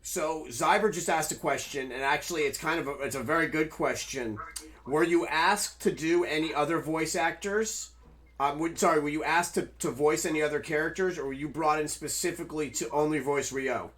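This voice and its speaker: A man's voice: a little high, moderate pace, fairly bright tone. A male host reading out viewer questions, correcting himself as he goes. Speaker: interview host.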